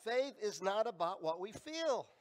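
A male pastor preaching a sermon, emphatic and swinging between loud and quiet. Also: high voice, sing-song, unhurried. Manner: emphatic, rising and falling in volume.

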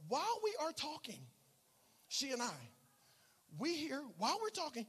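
A man preaching a sermon as pastor, telling a story with animated swings between shouting and hushed asides. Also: very high voice, a little fast, a little hiss or hum. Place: church sanctuary.

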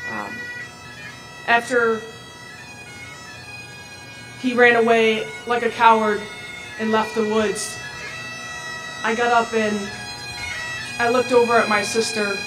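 A woman gives a personal testimony slowly and haltingly, her slightly high voice staying flat. She is heard from a distance in an echoey room. Faint music plays behind her. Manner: halting, measured. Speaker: speaker giving a personal testimony.

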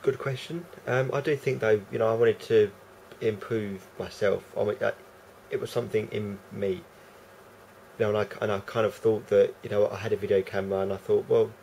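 A man's voice: lowish voice, flat delivery, fairly quick, vocal fry, a little mellow, a little hiss or hum, low-quality recording. A man with a London accent rambling unscripted to camera, hesitant and full of fillers. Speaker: vlogger. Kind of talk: casual unscripted monologue to camera.

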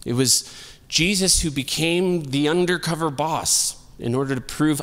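A man's voice: fairly high pitch, measured pace, few pauses, in a large hall. Casual, joking male pastor preaching. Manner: casual, humorous, animated storytelling. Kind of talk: sermon. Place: church sanctuary.

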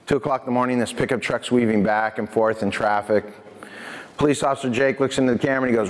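A man giving a lively prevention talk to a youth audience, telling stories and speaking to the crowd directly. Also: medium pitch, fast talker. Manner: energetic, addresses audience directly. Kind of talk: lively presentation with storytelling. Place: church hall. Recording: echoey hall.

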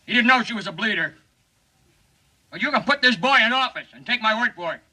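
An actor playing a shady, folksy TV pitchman pleading for a crooked friend's election in a 1950s film comedy. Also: expressive, a little fast, bright, forceful tone, far from the mic, exaggerated voice, poor audio. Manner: folksy, pleading sales patter.

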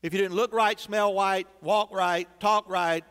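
A man's voice: high voice, fairly even intonation, unhurried, a bit bright, smooth. A man preaching a sermon as pastor, building emphasis through dramatic repetition in a church sanctuary. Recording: long church reverb.

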